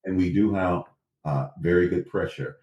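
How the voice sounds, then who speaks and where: A male interview guest with a low-sitting voice tells his story animatedly at a moderate pace, voicing the words of others as he goes. The casual conversation was captured in a reverberant space on a muffled recording.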